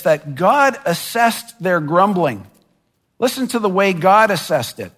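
A man delivers a sermon in a noticeably high voice, taking his time over each phrase. He speaks earnestly and now and then voices imagined complaints with mounting force. His words ring out with a long reverb, as in a large hall. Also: a bit bright. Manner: earnest preaching, voicing imagined complaints with rising intensity. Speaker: pastor.

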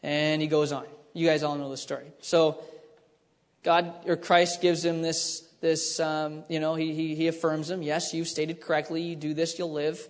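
A man's voice: on the high side, level tone, normal speed. A man preaching a conversational sermon, teaching with frequent restarts and asides. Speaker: pastor. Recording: long hall reverb.

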